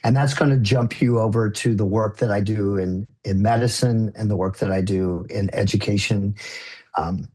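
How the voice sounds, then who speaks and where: A man guesting on an interview show, telling a story in an earnest, conversational way with soft laughs. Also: lowish voice, fairly even intonation, moderate pace, breathy edge. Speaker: guest, illusionist and educator.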